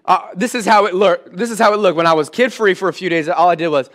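A man in his thirties preaching a sermon in church, animated and comic as he acts out scenes with his kids. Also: high-pitched, quick pace. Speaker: pastor.

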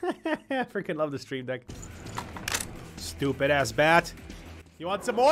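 A man streaming a video game, giving excitable live commentary that swings between mumbling asides and shouts at the screen. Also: a little high, moderate pace. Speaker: gaming streamer. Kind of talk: live let's-play commentary. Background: game music.

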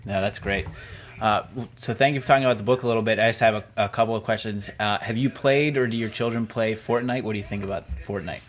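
A man's voice: lowish voice, quick pace. A man hosting a book club interview, asking long, meandering questions with fillers such as "uh" and "like".

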